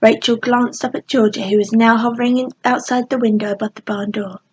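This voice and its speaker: A woman narrating a children's storybook in a gentle, expressive bedtime reading. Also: on the high side, fairly quick, husky, poor audio. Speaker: audiobook narrator.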